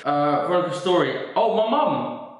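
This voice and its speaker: A young man answering viewers' questions in a casual, joking vlog. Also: on the high side. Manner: chatty, joking, swears casually. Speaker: vlogger and fitness coach. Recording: very echoey room.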